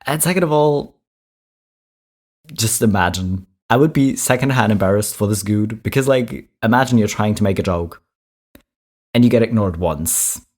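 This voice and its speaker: Low-voiced man giving chatty clip commentary. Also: expressive, normal speed, long pauses. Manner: chatty, exasperated, with emphatic repeats. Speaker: reaction video host. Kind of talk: casual commentary on clips.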